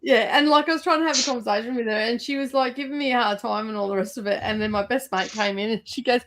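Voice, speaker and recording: Brief: woman host in her thirties, slightly high, casual and salty storyteller who laughs a lot. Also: quick pace, fairly bright tone. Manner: swears freely, laughs through her stories.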